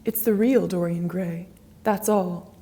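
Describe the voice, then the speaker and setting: A worldly gentleman with a cool, amused manner, as a woman reads him. The tone stays mellow and breathy in this audiobook reading. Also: fairly low pitch, steady tone, slow, exaggerated voice. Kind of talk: graded reader audiobook acting.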